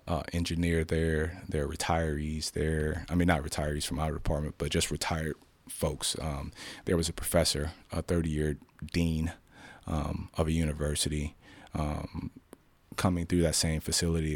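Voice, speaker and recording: In a dry recording, a man with a rumbling low voice speaks candidly in an interview. He's a police sergeant from the South Side of Chicago, acting out quoted dialogue in an animated retelling and often starting his sentences over.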